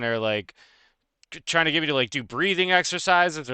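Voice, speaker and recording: Bright, fast-ranting male streamer. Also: medium pitch, lively intonation, clear, resonant tone, no echo. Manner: fast, profane, heated and laughing. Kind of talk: casual live-stream rant.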